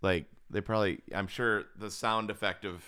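A man's voice: on the low side, steady tone, normal speed, pushed and bright, clear, resonant tone, dry recording, studio quality. A man co-hosting a podcast in easygoing casual chat, laughing easily. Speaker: podcast co-host.

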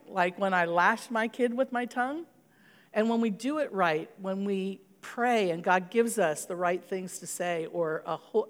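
A middle-aged woman pastor speaks at a mid-range pitch in an earnest, personal way. She shares stories and slips into prayer. Her voice rings with the long reverb of a church hall. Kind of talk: sermon.

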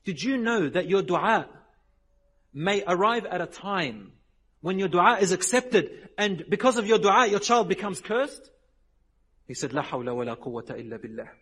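A man preaching a sermon, telling stories with lively voiced dialogue and dropping Arabic religious phrases. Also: high-pitched, moderate pace, slightly rough. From Lebanon. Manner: animated storytelling, acting out quoted people. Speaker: Islamic preacher.

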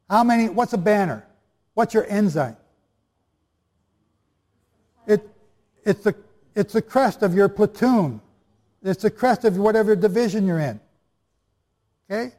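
A man's voice: high voice, darkish tone. A man preaching and teaching the Bible to a live audience, chatty and jokey, often quizzing the listeners. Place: hall before a live audience. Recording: long reverb of a large hall.

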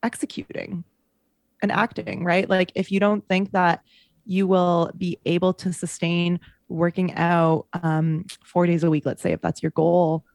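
A woman's voice: fairly low pitch, little pitch movement, unhurried, creaky, a little mellow, no room sound, studio quality. A woman who works as a coach, talking in a casual podcast conversation, earnest and emphatic, making her points in repeated parallel phrases.

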